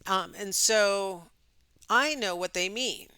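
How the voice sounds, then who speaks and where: A woman's voice: medium pitch, takes it slowly, bright, forceful tone, clean tone, no room sound. A middle-aged woman teaching a recorded psychology lecture in a chatty way, with many ums and rhetorical questions. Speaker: psychology instructor.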